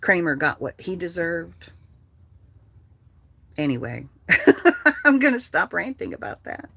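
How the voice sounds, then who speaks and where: A woman's voice: fairly low pitch, sing-song, slow, gravelly, fairly bright tone, no room sound. An older woman hosting a casual livestream, ranting bluntly and with swearing while reading out comments from viewers. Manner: blunt, profane, ranting, reads comments aloud. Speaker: livestream host.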